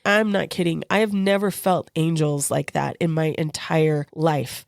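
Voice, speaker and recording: A woman's voice: deep voice, measured pace, gravelly, no room sound, clean studio sound. A woman co-hosting a podcast, telling a personal story in a casual way and acting out the voices of the people in it. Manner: lively storyteller who acts out the quoted voices of others. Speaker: podcast co-host.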